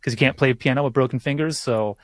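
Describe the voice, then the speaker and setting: A man chatting casually as a podcast guest, telling animated stories and swearing freely. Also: mid-range voice, fast, no echo, studio quality. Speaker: guest bass teacher.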